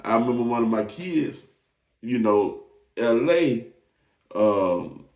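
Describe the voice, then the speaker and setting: Emotional man telling a slow testimony. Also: mid-range voice, lively intonation, darkish tone. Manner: emotional, drawn-out storytelling with repeated phrases. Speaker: host. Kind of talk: personal testimony storytelling. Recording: echoey room, voice from a distance off the mic.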